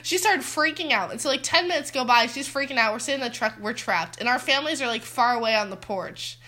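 A woman's voice: on the high side, quick pace, bright, forceful tone. A teenage girl co-hosting a casual podcast, telling childhood stories and laughing often mid-sentence. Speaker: podcast co-host. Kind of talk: casual chat, storytelling.

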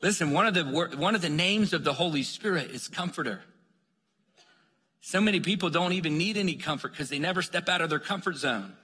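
A male preacher delivers an energetic sermon full of stories, pressing his listeners on again and again. His voice is bright and forceful with a husky edge. It rings through a large hall with a long reverb. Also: fairly high pitch. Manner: energetic, calls "come on" to the crowd. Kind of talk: sermon storytelling.

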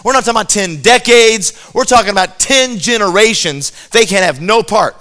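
High, bright-voiced man preaching. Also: a little fast, faint music behind. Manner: lively, joking storyteller who acts out quoted characters. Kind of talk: sermon.

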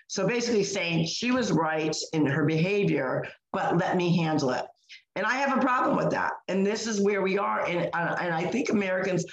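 A woman's voice: lowish voice, normal speed, dull audio. Woman co-hosting a chat podcast, fired up, um and you know everywhere, roomy echo. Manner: indignant storytelling with many fillers and restarts. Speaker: podcast co-host. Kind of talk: casual chat. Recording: echoey room.

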